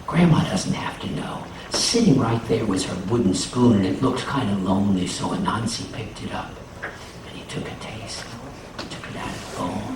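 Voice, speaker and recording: A man telling a folk tale to children in a lively way, asking the audience questions as he goes. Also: fairly low pitch, moderate pace. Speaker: storyteller and children's singer. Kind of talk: storytelling and singalong for children. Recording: echoey room, distant mic, noisy.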